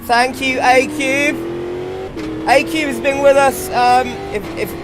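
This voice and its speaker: A man's voice: very high voice, fairly even intonation, takes it slowly, over music. A man streaming a sim race, chatting casually and reacting to the driving mid-sentence. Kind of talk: casual live-stream commentary while racing. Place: home sim racing rig.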